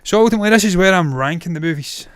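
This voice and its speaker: A man in his thirties ranks films on a casual live stream, speaking very fast in a high, expressive, fairly bright voice. A film reviewer and live-streamer, he is blunt, opinionated and swears freely, though his voice is tired and strained after hours of talking; the tone is clean with no room sound.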